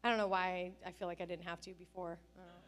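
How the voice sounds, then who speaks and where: A woman's voice: on the low side, fast talker. A middle-aged woman pastor giving a sermon, telling stories animatedly and acting out the quotes. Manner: animated storytelling with acted-out quotes.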